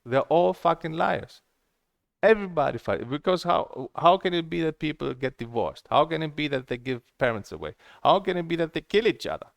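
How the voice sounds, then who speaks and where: A man's voice: a little high, sing-song, brisk, gravelly, no echo. A man vlogging about a table tennis game in a heated, blunt and profane monologue, often repeating himself and restarting phrases. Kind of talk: casual ranting monologue.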